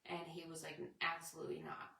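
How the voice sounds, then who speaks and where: Chatty spiritual host, female, lower pitch, sits back from the mic. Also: monotone, quick pace, gravelly, sharp tone, roomy sound, recorded from a distance, slight background noise. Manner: rambling, chatty, reads out viewer comments. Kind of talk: casual spiritual chat with viewers.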